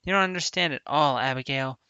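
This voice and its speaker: Sayori, a quietly sad schoolgirl read by a man. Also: a little high, brisk, clean tone, no room sound, lo-fi sound. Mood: subdued. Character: teenage girl, cheerful on the surface, hiding deep depression. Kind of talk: reading a visual novel aloud.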